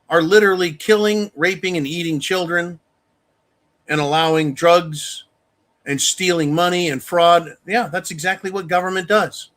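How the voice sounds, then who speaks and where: Male host, fairly high-pitched, delivering a heated, expletive-laden opinion monologue. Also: a bit bright. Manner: angry, profane ranting. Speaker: show host.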